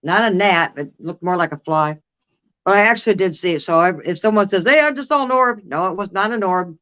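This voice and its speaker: A woman's voice: mid-range voice, brisk, a bit bright, lo-fi sound. A woman paranormal investigator chatting casually while filming, cooing at her dog now and then. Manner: coos and baby-talks to her dog.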